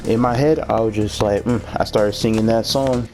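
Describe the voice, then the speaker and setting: A man's voice: mid-range voice, moderate pace, few pauses, over music. A man telling a dramatic, joking story as a storytime vlogger. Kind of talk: animated storytime narration.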